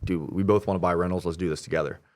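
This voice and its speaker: A young man talking casually as an interview guest, telling stories animatedly and quoting himself. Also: sits low. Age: young adult. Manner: animated storyteller, quoting himself, quick asides. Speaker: real estate investor guest.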